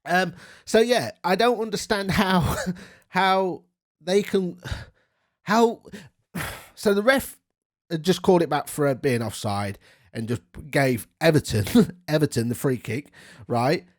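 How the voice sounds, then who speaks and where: A man's voice: fairly high pitch, lively intonation, slow pace, long pauses. A man, ranting angrily and swearing about a football decision on his channel. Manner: sweary, indignant, rambling. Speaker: football vlogger. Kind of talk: angry football rant.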